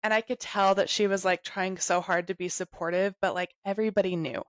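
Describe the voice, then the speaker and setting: Woman telling her story, halting and emotional. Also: medium pitch, steady tone, dry recording. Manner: halting, emotional, heavy use of "like". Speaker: guest sharing her story. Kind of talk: personal storytelling interview.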